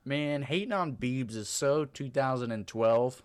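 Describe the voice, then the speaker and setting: Male podcast co-host, mid-pitched, laid-back, teasing, laughs easily. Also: measured pace, clear, resonant tone. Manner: easygoing, laughs often, teasing. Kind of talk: casual chat.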